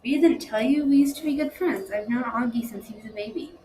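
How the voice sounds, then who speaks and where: A woman's voice: fairly high pitch, fairly quick, voice pushed up, close to an everyday voice, low-quality recording. A woman reading aloud, voicing a confident teenage girl who chats in a breezy way. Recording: steady background noise.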